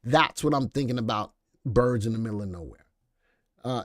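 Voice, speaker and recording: A man hosting a live stock market commentary show, animated and joking as he reads viewer comments aloud. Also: medium pitch, normal speed, dry recording, clean studio sound.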